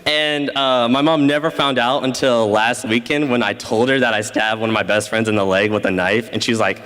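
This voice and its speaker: A man's voice: mid-range voice, steady tone, a little fast, hardly any pauses, fairly bright tone, in a large hall. A teenage boy telling a funny school story at a live story slam, casual and laughing at himself. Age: teens. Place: school event stage.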